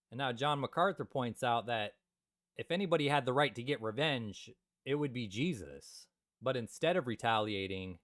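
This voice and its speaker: Young guy doing a jokey bible talk, swings from loud bits to mumbles, dry close sound. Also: mid-range voice, dry recording. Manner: joking, jumps between loud asides and quiet mutters. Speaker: Christian video host. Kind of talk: comedic Bible commentary.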